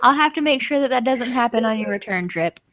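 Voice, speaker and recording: A woman's voice: fairly high pitch, animated, brisk, fairly bright tone, no echo. A woman voicing a nervous, stammering male park host who welcomes guests. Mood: fretful.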